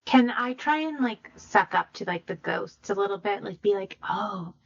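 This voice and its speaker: A woman's voice: mid-range voice, lively intonation, moderate pace, vocal fry, dull audio. A woman playing a tabletop game, joking and playful. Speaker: player.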